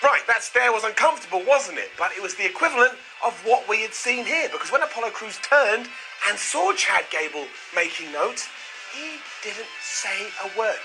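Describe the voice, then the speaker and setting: A man hosting a comedic wrestling recap, excitable and sarcastic, with quick put-on asides. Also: sits high, music in the background, low-quality recording. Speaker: wrestling show reviewer, host.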